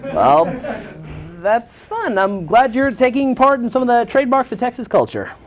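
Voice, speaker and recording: A woman hosting a comedy late-night show. She keeps a mock-formal, dry delivery, and her pitch swings widely from line to line. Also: very animated, moderate pace. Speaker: talk show host.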